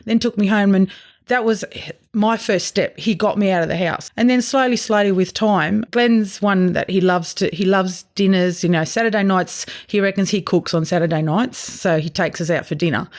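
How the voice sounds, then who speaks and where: A woman's voice: mid-range voice, moderate pace. An Australian woman, an irrigation farmer, talking openly and emotionally in a casual interview. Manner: open, emotional, chatty storytelling.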